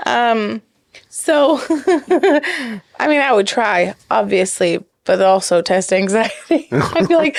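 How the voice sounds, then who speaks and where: A woman co-hosting a casual podcast chat, telling a story with a giggly, animated manner and acting out the quotes. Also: a little high, slow pace, no echo. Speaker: podcast co-host.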